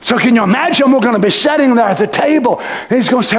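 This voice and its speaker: A male preacher delivering an impassioned sermon, swinging between shouts and hushed whispers. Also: very high-pitched, fast, hardly any pauses.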